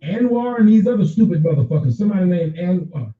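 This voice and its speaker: Animated profane man in an echoey room. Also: high voice, fast talker, far from the mic. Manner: animated, profane, addresses chatters by name. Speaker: livestream host reading viewer chat. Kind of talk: casual unscripted livestream talk. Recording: echoey room, off-mic, dull lo-fi sound.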